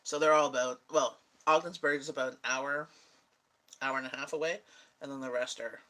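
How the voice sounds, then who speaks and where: A woman with a bright, lively edge to her voice chats casually as a vlogger. She rambles from one thought to the next and laughs often, as if answering viewers over coffee. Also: extremely low pitch, a little fast, low-quality recording. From Canada.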